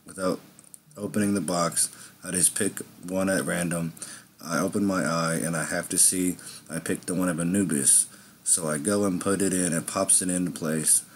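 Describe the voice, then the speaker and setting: A man's voice: low-pitched, fairly even intonation, moderate pace, slight background noise. A man telling an improvised first-person story in a rambling way, with slips and restarts.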